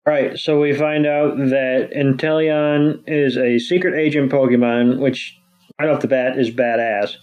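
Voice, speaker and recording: Man, mid-pitched voice, muffled lo-fi mic, relaxed podcast chat. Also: unhurried. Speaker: podcast co-host. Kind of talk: casual chat.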